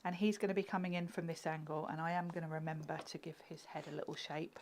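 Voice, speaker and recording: Woman, lowish voice, chatty live craft demo, giggles and murmurs while working. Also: little pitch movement, fast, a little mellow, a little hiss or hum. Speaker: craft demonstrator.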